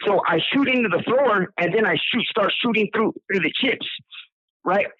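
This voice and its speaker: A man with a Southern California accent tells his story in a loose, rambling way, stumbling over and repeating words. His voice sits high for a man. It comes through a dry, tinny phone line. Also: normal speed, slightly rough, no room sound. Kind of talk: casual storytelling.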